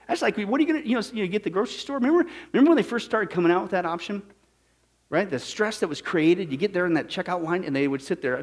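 Male preacher, high and very lively voice; sarcastic Bible teaching, jumps into asides, fires rhetorical questions. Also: fast talker. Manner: digressive with restarts and asides. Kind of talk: sermon-style Bible teaching.

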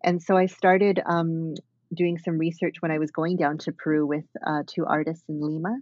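A woman's voice: deep voice, flat delivery, moderate pace, darkish tone, no room sound, muffled recording. A woman dance artist talking thoughtfully as an interview guest, with many fillers and restarts. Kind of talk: reflective conversational interview.

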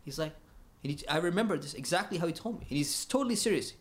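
Man from the US, casual storyteller, lively, acts out the dialogue, slightly high voice. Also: fast. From United States. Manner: animated, laughs often, acts out dialogue.

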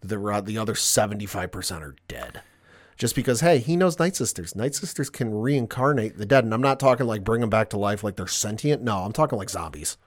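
A man's voice: fairly low pitch, expressive, brisk. A man co-hosting a podcast in casual chat, animatedly retelling a show plot. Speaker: podcast co-host.

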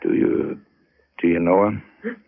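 Casting: a blunt, bossy cop, mid-range voice with lively pitch, tinny old broadcast sound. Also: male voice, a little slow, heavily acted. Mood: grim, quiet. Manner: brusque, commanding. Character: tough, blunt male police detective. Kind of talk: 1940s radio acting.

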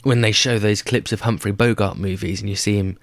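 A young man tells stories in a loose, rambling way, laughing and swearing as he goes. His voice sits a little low. The sound is dry and close to the mic. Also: steady tone, brisk, dry recording. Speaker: stand-up and music performer. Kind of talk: casual podcast chat.

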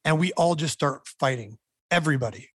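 A man's voice: fairly high pitch, fairly quick, a bit bright, breathy edge, dry recording. A man in an interview, bluntly telling a wild story and swearing freely. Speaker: band member guest.

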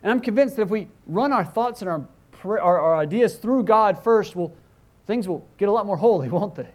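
Earnest high-voiced male preacher. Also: expressive, fairly quick. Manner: earnest, pleading, with frequent restarts and rhetorical questions. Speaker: pastor. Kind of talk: sermon.

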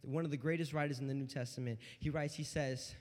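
A man preaching a sermon in a church, animated, dropping to a hush and then rising loud. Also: mid-range voice, fast, in a large hall. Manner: animated preaching, swinging between hushed and loud.

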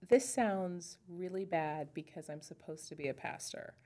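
A woman pastor with a lowish, darkish voice speaks at a moderate pace while co-hosting a podcast. In this casual faith chat she thinks ideas through in a searching way, often restarting her sentences.

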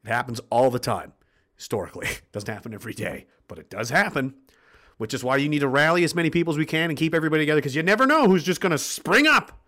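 Racing along in a sharp voice on the high side, with lively intonation, a man hosts a livestream. He reads the chat and rants at viewers about politics, cursing bluntly and passionately.

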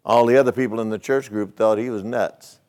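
A man's voice: fairly low pitch, steady tone, fairly quick, darkish tone, clear, resonant tone. A male pastor preaching a sermon, retelling a story in a folksy way and asking the congregation rhetorical questions.

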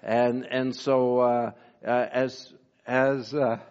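A man preaching a sermon, pausing often with fillers and reading scripture in old-style wording. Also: mid-range voice, little pitch movement, a little mellow, smooth, highs cut off. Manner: slow, halting delivery with many fillers, reads scripture in King James wording. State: briefly emotional. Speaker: pastor.

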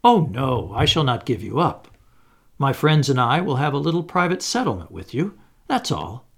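A polished, menacing old gentleman, as a man reading a story puts him on, courteous and sure of himself. The voice is gravelly and moves freely in pitch. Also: normal speed. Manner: calm, smooth, assured.

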